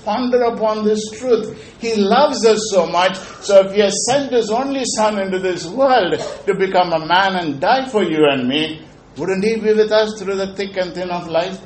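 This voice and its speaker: A man's voice: high-pitched, animated, moderate pace, slight background noise. Earnest male preacher in an echoey room. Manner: earnest, repeats key phrases. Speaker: pastor. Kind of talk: sermon.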